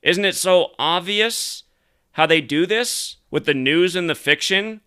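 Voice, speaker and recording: Male commentary host, angry profane rants, slightly high, crisp voice. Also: a little slow, pushed and bright. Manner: angry, profane, emphatic ranting. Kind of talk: ranting solo commentary.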